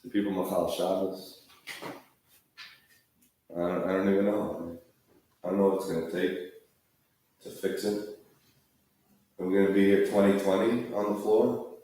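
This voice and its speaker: Man, storytelling sermon, deep dark voice, conversational and repetitive, far off in a roomy hall. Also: steady tone, measured pace, long pauses. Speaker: speaker at a Tisha B'Av gathering. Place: large hall, sitting on the floor.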